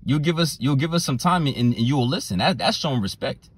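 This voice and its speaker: A man preaching a sermon, repeating his phrases and reading scripture verses slowly and deliberately. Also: medium pitch, expressive, slightly rough. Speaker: street preacher.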